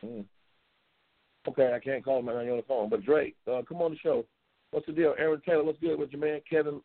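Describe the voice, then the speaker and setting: A man hosts a loose, excitable live-stream chat, circling back over his points and reading out viewer comments. His voice sits fairly high for a man. The audio is tinny and narrow, like a phone line. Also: fast talker. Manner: loose, excitable, repeats himself, bursts into high-pitched race calling. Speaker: talk show host reading viewer comments. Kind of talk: casual live-stream chat about drag racing.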